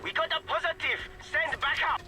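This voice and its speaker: A man's voice: extremely high pitch, moderate pace, full character voice. An actor playing a male enemy soldier who barks curt orders over the radio in a video game. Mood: commanding. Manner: curt, commanding. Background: loud game music.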